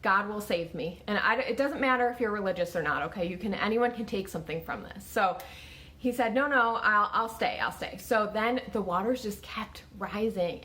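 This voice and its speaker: A woman's voice: mid-range voice, fairly bright tone. Chatty woman in her thirties. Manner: conversational, lots of "like" and restarts. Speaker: vlogger telling her story. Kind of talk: casual storytelling to camera.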